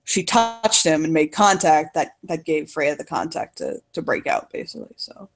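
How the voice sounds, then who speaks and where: A woman's voice: low-pitched, lively intonation, moderate pace, gravelly. A young woman narrating a tabletop role-play as game master, talking casually with lots of fillers and laughter.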